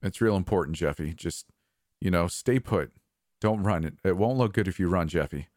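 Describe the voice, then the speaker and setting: A man's voice: low voice, moderate pace, darkish tone, no room sound, studio quality, lightly acted. A man voicing an older brother who speaks urgently and insistently, voice trembling. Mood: tense, stern. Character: worried older brother, stern and shaken.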